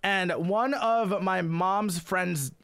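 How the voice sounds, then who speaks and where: Male streamer, high-pitched voice, casual comedic storyteller who rambles, swears and gets excited. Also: drawn-out words, creaky, clear, resonant tone. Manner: rambling, full of "like" fillers and swearing; grows loud and excited at the peaks of the story. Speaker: gaming streamer telling a story.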